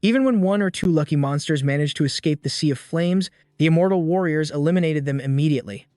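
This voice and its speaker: Man narrating a story recap, fairly high. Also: fast, darkish tone, dry recording, studio quality.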